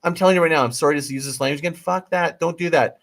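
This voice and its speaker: A man's voice: fairly high pitch, rapid-fire, creaky. A man talking as a guest marketing coach in a casual interview, emphatic and pleading, often breaking off and restarting, with the odd swear word.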